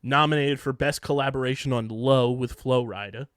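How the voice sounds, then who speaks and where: A man co-hosting a casual sports and music podcast, reeling off facts in a steady list. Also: mid-range voice, normal speed, smooth, no echo, studio quality. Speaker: podcast co-host.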